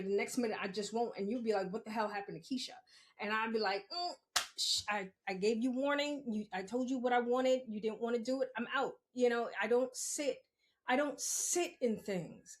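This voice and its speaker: Chatty New woman, higher voice. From Queens, New York. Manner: chatty, laughs often, blunt with swearing. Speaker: spiritual podcaster. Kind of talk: casual solo podcast monologue.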